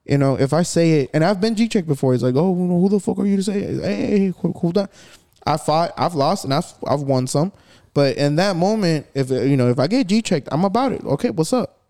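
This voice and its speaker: A young man from Texas spins a night-out story for his friends in a fairly high voice. He talks in an animated, profane way and slips Spanish fillers into his English. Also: a little fast. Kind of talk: casual chat among friends.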